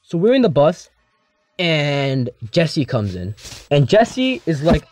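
A teenage boy telling a casual storytime, rambling and slangy, with lots of restarts and animated asides. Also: a little high, slow pace. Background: faint background music.

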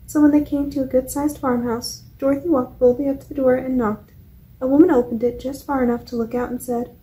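Mellow-voiced woman reading a storybook aloud. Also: high voice, brisk, poor audio. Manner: steady, clear read-aloud delivery. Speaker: library storytime reader. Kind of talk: reading a children's book aloud. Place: public library.

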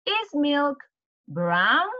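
A woman teaching to children, retelling a storybook in an animated way, with gasps and questions to the kids. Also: high voice, very slow, dull audio.

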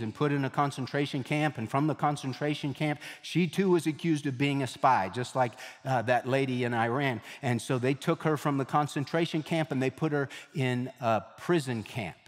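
Emphatic male preacher in a reverberant hall. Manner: emphatic preacher, slows and drops low on key words; repeats phrases for emphasis. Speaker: pastor. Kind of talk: sermon.

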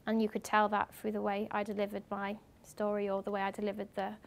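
A young woman from England giving a lively talk to students at a university as a guest speaker, acting out what other people said as she tells her stories. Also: mid-range voice, fast talker, gravelly. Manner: animated storytelling, acting out others' lines. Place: university lecture room.

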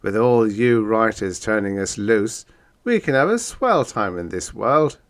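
A man's voice: fairly low pitch, animated, a little slow. A man voicing a wisecracking bug-eyed male monster in an audiobook, breezy and matter-of-fact. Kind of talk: audiobook character voice.

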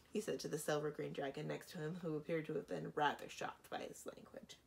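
A woman librarian giving an expressive children's book read-aloud. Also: low voice, normal speed, creaky. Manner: expressive, animated reading.

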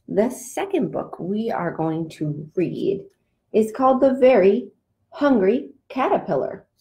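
A woman leading an online lesson for young children, animated and sing-song, acting out feelings with exaggerated sounds and singing simple songs. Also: lowish voice. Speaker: children's language teacher. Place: home.

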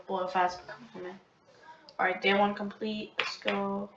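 A woman giving casual, rushed commentary on her own gameplay, talking to herself and shouting sudden orders at the game. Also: mid-range voice, noisy background. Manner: rushed, excitable self-talk, muttering orders, sudden shouts. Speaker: gamer commenting on own play. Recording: roomy, dull, distant mic with keyboard clicks. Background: keyboard typing and mouse clicking.

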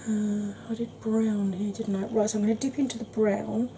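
A woman chatting gently through an ASMR makeup tutorial, calling viewers "darling". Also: medium pitch, flat delivery, moderate pace, a little hiss or hum. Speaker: beauty vlogger.

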